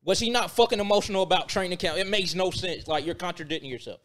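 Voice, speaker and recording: Brief: slightly high-voiced man, exasperated podcast co-host, emotional and incredulous. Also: fast talker, fairly bright tone. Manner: emotional, exasperated, laughs often. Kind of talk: heated casual debate.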